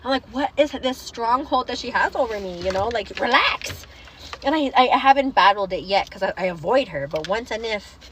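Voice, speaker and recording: A young woman hosting a casual livestream, chatting to viewers and telling stories in an animated way. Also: medium pitch, slight background noise, poor audio. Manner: chatty, animated storytelling, calls viewers girl. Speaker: livestream host.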